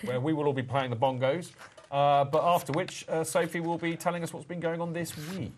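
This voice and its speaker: A man's voice: on the high side, steady tone, a little fast, a little hiss or hum. A man hosting a casual podcast, jokey, rambling and teasing. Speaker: podcast host.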